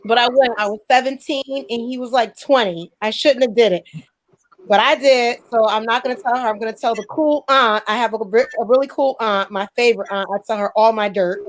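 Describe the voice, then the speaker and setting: A woman's voice: a little high, fairly quick, dry recording, poor audio. A young woman, a show host telling a story in casual chat and acting out the voices she quotes. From New Jersey. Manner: lively, acts out quoted voices.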